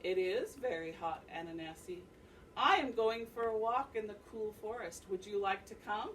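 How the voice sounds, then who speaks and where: A woman voicing a calm, clever female bush deer in a storybook who answers patiently and with a gentle tease, recorded from a distance. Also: mid-range voice, normal speed, slight background noise, natural voice. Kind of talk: read-aloud storybook voice. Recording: distant mic, faint classroom ambience.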